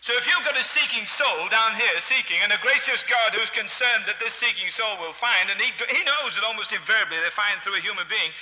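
A high, bright male voice preaching with animated swings of pitch and a humorous, chuckling manner. He speaks in a long-reverberating hall, and the recording is dull and lo-fi. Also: a little fast, hardly any pauses. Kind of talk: sermon.

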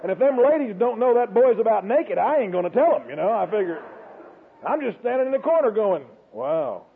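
A man's voice: sits high, very animated, fairly quick, creaky, slight background noise. A man telling a colloquial, dramatic church testimony, speaking straight to his audience, heard over a tinny phone-like broadcast. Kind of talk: folksy storytelling testimony.

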